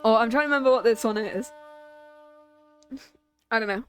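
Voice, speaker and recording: A woman streamer chats through a game in a casual, joking way, and she often laughs at her own character voices. Her voice sits a little high, with faint music underneath. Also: normal speed, pauses often. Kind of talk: casual let's-play commentary.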